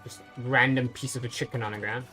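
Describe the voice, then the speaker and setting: A game streamer giving casual let's-play commentary, thinking aloud and pausing often with fillers. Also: medium pitch, fairly even intonation, bright, forceful tone, faint music behind.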